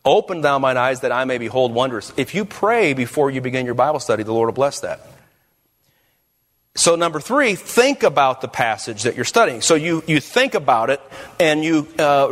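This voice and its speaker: A man's voice: medium pitch, a bit bright. A man giving a church Bible-study teaching talk with emphatic phrasing and stumbling restarts. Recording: reverberant hall.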